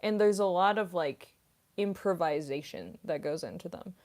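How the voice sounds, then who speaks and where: Giggly young woman with a lower voice. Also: normal speed, darkish tone. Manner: rambling, frequent "like" fillers, giggly. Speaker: voice actress and streamer. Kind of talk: casual livestream Q&A chat.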